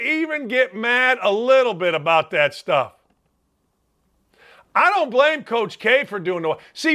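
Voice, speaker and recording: A man's voice: sits high, sharp tone. A man hosting a sports talk show, delivering a blunt, rambling, combative college basketball rant.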